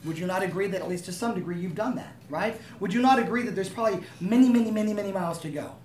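A man's voice: sits high, rapid-fire, a little mellow, slight background noise. Echoey distant man preaching. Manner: conversational, asks the room for agreement. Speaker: pastor. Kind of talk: sermon.

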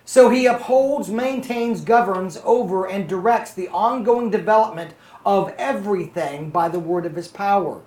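Bible teacher, mid pitch, chatty, keeps checking in with the group, roomy echo. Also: normal speed, hardly any pauses, a little mellow. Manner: conversational, often checks in with "okay?" and "are you following?". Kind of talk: Bible study lesson to a small group.

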